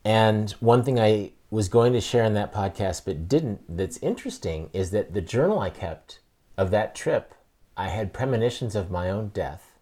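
A man's voice: fairly low pitch, expressive, normal speed, mellow. A man hosting a podcast, talking casually and thoughtfully, telling stories. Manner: reflective, thoughtful storytelling. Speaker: podcast host. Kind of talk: casual conversation.

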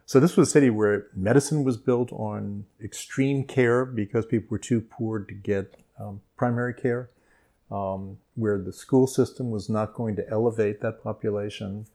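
A man with a New Orleans accent, speaking as an interview guest in a thoughtful, measured way with frequent pauses and ums. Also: on the low side, steady tone, dark tone. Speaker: guest expert. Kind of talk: interview conversation.

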